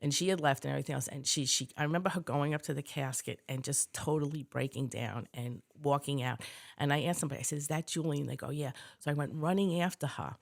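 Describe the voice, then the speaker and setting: A woman's voice: low voice, quick pace, creaky. A woman being interviewed, reflectively recounting memories and acting out the remembered dialogue, with many fillers. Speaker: interview guest, widow of a fire chief. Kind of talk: personal storytelling interview.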